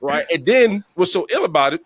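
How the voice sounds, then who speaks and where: A man's voice: high voice, brisk, no echo. A middle-aged man hosting a podcast, telling a long story in casual chat and acting out the people in it. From the Bronx, New York. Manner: animated storyteller, acts out quoted voices. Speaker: podcast host.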